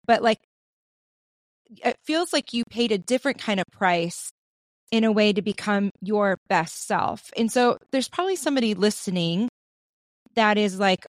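A woman's voice: medium pitch, lively intonation, normal speed, no room sound. A woman co-hosting a podcast, asking a long, winding question in a chatty way. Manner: warm, chatty, asks long framing questions. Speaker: podcast co-host. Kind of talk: casual interview.

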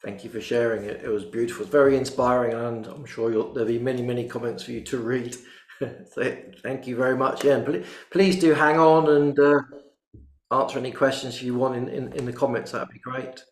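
A man's voice: medium pitch, steady tone, brisk, echoey room. A man hosting a live stream, effusive and full of thanks to his guest. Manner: effusive, warm thanks, repeats "beautiful". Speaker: host.

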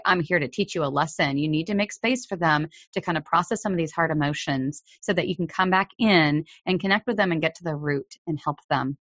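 A woman's voice: lowish voice, a bit bright, no echo, dull audio. Earnest woman podcast host giving parenting advice. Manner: earnest, coaching, acts out parent quotes.

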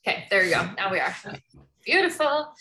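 An upbeat woman co-hosting a livestream over a video call. Her voice has a bright, forward tone, and she talks in a chatty, friendly way. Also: mid-range voice, big pitch swings, fairly quick, slight background noise, low-quality recording. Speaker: co-host of a business coaching livestream. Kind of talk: casual livestream chat.

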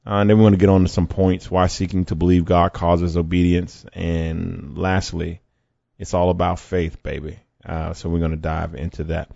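Man, podcast host, faith teaching, low voice, dry slightly dull sound, casual rhetorical questions. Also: flat delivery, normal speed, creaky, dark tone, dry recording. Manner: conversational, uses fillers and restarts, rhetorical questions.

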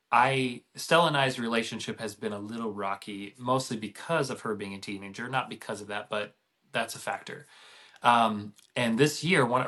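A man's voice: medium pitch, a bit bright. A middle-aged man, a podcast guest, telling a family story in a casual, rambling way with many restarts.

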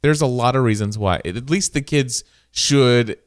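A man's voice: mid-range voice, measured pace, dry recording, studio quality. A man co-hosting a podcast in casual chat, easygoing, with short agreeing replies. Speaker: podcast co-host.

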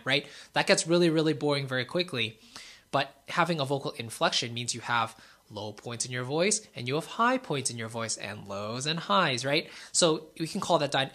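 A young man, a YouTuber and musician, giving casual speaking advice in a relaxed way, full of fillers and asking "right?" often. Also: mid-range voice. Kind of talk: casual talking-head advice.

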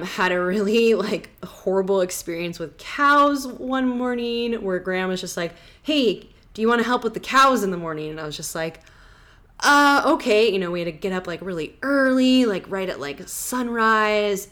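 A woman hosting a podcast, telling travel stories in a rambling, casual way, full of fillers. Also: medium pitch. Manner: rambling, full of "like" and "you know". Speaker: podcast host.

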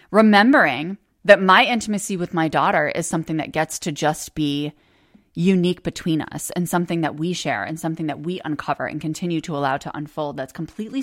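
A woman's voice: deep voice, fairly bright tone. A woman in her forties hosting a podcast, telling a personal family story in a candid, casual way, swearing freely and laughing often. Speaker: podcast host.

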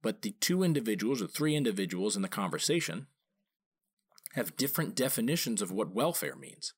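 A man's voice: big pitch swings, a little fast, husky. A man who trains dogs, explaining in an informal talk and stressing points by repeating key phrases. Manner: acts out quoted voices with big pitch jumps. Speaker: dog trainer.

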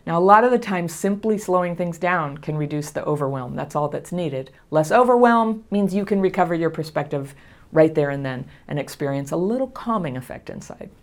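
Middle-aged woman, lowish voice, gentle reassuring teacher, soft laughs. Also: animated, brisk. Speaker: therapist teaching about trauma recovery. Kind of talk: casual spoken lesson to camera.

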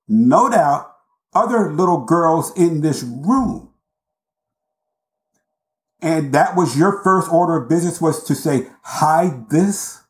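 Intense, deliberate male storyteller in roomy sound. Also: a little high. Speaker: podcast guest. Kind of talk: storytelling in an interview. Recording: roomy echo.

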